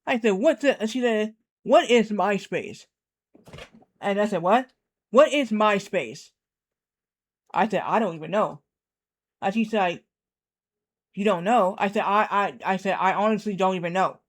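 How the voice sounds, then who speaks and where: With a high voice at normal speed, a man in his thirties chats through a rambling tale as he streams a game. He repeats things often and acts out the quoted lines.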